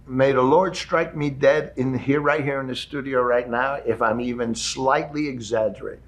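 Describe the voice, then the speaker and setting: A man in his fifties, a guest in a studio interview, telling a story with animated energy and acting out the people in it. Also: mid-range voice. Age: 50s.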